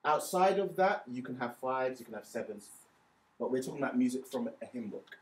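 A man's voice: medium pitch, expressive, a little fast. Male music teacher, patient step-by-step explainer, counts beats aloud; recorded a bit off-mic in a roomy space. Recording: echoey room, voice a bit far from mic, faint ambience.

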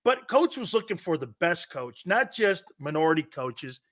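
A man's voice: fairly high pitch, big pitch swings, moderate pace, fairly bright tone. A man hosting a sports talk show, chatting enthusiastically with a guest and laughing along.

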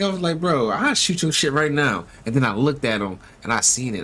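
A man giving casual, slangy gameplay commentary, talking to his viewers and swinging from low muttering to loud yelps. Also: big pitch swings, a little slow. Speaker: gaming commentator.

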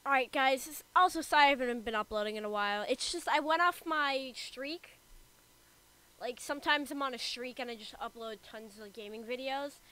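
A woman's voice: high voice, moderate pace, bright, forceful tone. A woman doing casual gameplay commentary, playful, reading game dialogue aloud. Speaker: gamer.

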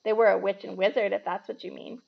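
A woman voicing a quiet, curious eleven-year-old boy wizard who answers shortly, read aloud from a storybook. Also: medium pitch, fairly even intonation, quick pace, gravelly, muffled recording. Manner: short, plain replies.

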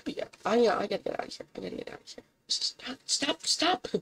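An excitable woman narrates her gameplay in a loose, casual way, cursing freely. Her voice sits at an ordinary middle pitch but often jumps upward when she is caught off guard. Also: very fast, husky, poor audio. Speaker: gameplay commentator.

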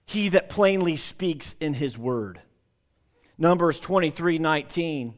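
Emphatic preaching man, slightly high voice. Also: lively intonation, takes it slowly. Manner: emphatic preaching with repetitions and restarts. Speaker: pastor. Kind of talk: sermon.

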